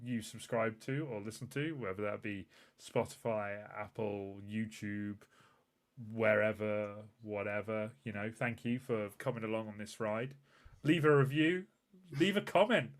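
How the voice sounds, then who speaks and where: A man's voice: lowish voice, steady tone, unhurried. A man hosting a casual live podcast, rambling through a laughing, self-mocking sign-off. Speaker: podcast host and producer.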